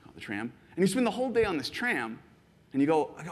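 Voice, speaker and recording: A pastor preaches a fast, animated, playful sermon, acting out little scenes and jumping into high, excited voices when quoting the people in his stories. The sound is that of a big room.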